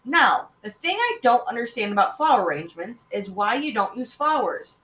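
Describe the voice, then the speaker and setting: A stern, exasperated father shouting for quiet at the dinner table, read out by a woman. The voice swings up and down with lively pitch, and the room around it rings with echo. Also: normal speed. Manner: loud and stern.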